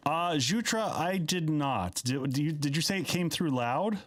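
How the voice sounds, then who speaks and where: A man's voice: on the high side, lively intonation, unhurried, hardly any pauses. A man playing a game live, chatting casually and reading the on-screen dialogue aloud in a playful way. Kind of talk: casual live-stream commentary.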